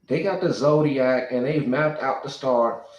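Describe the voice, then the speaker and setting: A man's voice: medium pitch, unhurried, a little mellow, reverberant, dull audio. A man talking alone to his channel in a loose, speculative monologue, thinking aloud and restarting his sentences often. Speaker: YouTuber. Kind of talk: rambling monologue.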